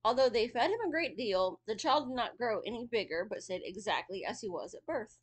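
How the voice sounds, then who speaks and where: Female storyteller, casual read-aloud with chatty asides, animated delivery. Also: fairly high pitch, fairly quick. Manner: chatty asides between reading.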